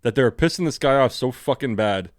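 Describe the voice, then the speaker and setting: A man's voice: mid-range voice, fairly quick, no room sound. Male co-host, General American accent, laid-back and swears freely, dry close recording. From California. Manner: relaxed and profane, loose and rambling. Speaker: podcast co-host. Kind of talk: casual chat.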